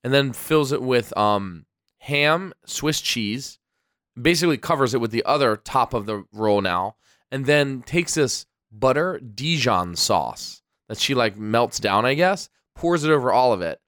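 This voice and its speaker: He co-hosts a podcast in a small home studio, chatting casually and rambling with fillers in a laid-back manner. The voice is medium-pitched and fairly bright with lively intonation at a measured pace, recorded dry at studio quality.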